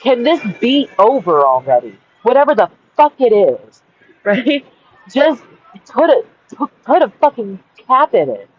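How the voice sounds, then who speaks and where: A woman in her forties venting on a dark sidewalk at night, angry, swearing constantly and repeating herself. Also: on the high side, sing-song, a little slow, husky, highs cut off. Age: 40s. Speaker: vlogger. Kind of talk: rambling outdoor vent. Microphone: wireless headphones.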